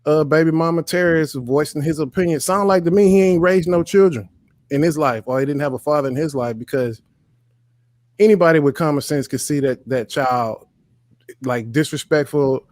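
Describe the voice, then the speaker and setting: Live-stream host, male, heated and profane storyteller, slightly high voice. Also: normal speed, darkish tone, no echo, studio quality. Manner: profane, emphatic, storytelling rants. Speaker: livestream host. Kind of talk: heated casual commentary.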